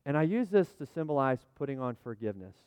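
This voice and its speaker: Middle-aged male pastor, folksy sermon with asides, smooth tone, dry close sound. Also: medium pitch, very animated, fast, a little mellow, no echo. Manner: chatty, folksy, full of restarts and asides; jokes with the congregation, calls for amens. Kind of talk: conversational sermon with props.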